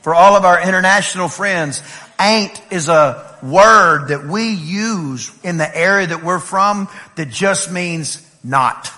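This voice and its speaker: A man from East Texas with an East Texas accent, preaching a lively sermon and telling playful stories to his congregation. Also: high-pitched, slow pace. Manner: animated, playful storytelling with laughs and shouts. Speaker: pastor.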